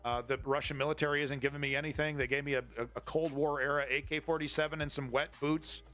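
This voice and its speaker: A man riffing through a news stream, opinionated and profane, with a bright, forceful voice set a bit high. He rambles from point to point as faint music plays under him. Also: level tone, quick pace. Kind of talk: casual news commentary.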